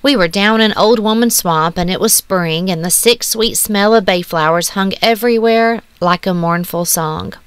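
A woman reading a short story aloud in a measured, hushed, wistful way. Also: medium pitch, smooth, dry recording. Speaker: story narrator. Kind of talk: scripted storybook narration. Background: soft music.

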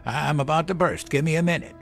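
A man voicing a flustered, hot-tempered middle-aged man who talks in a loud, blustery way. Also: a little high, quick pace, vocal fry, faint music behind, pitched above the performer's own voice.

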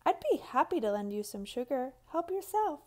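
A woman voicing a kind, generous female porcupine in a storybook, speaking gently and cheerfully. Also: sits high, big pitch swings, moderate pace.

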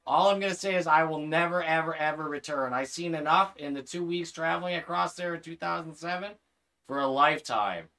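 A man with a bright, forceful voice and a slightly high pitch hosts a gaming livestream. He talks casually into a headset, swearing freely and working himself into heated rants. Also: a little fast. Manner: profane, heated ranting.

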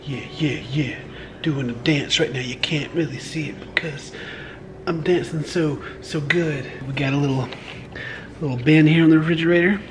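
A young man chatting casually in a family vlog at home, often speaking in a hushed voice around his baby and joking. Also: on the high side, steady tone, moderate pace, background noise. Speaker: vlogger, new father.

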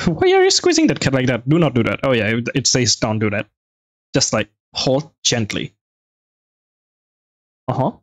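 Speaking in a mid-range voice with no room sound, a man narrates a let's play as a gaming video host. He's chatty and excitable, reading the on-screen text out and reacting fast.

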